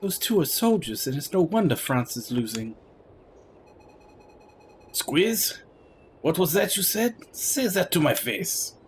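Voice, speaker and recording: A man's voice: high voice, big pitch swings, slow pace, long pauses, slight background noise, pitched above the performer's own voice, heavily acted. A man voicing an earnest young heroine who answers back in an indignant, raised voice.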